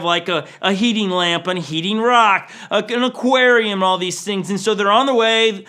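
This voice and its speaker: A young adult male pastor telling a story in a sermon, animated and acting out what people said. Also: very high voice.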